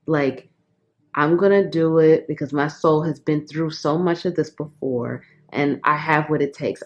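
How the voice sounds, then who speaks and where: A woman giving a channeled tarot reading in an earnest, emotional way, often dropping to soft whispers. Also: low-pitched, lo-fi sound. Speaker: tarot reader.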